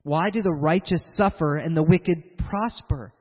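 A man preaching a sermon in an animated way, acting out the voices of the people he quotes. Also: fairly high pitch, a little slow, in a large hall, phone-quality sound.

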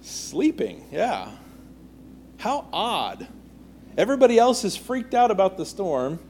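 Man, Bible study teacher, slightly high voice, conversational teaching, reads scripture and questions the group. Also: big pitch swings, moderate pace, dark tone, a little hiss or hum.

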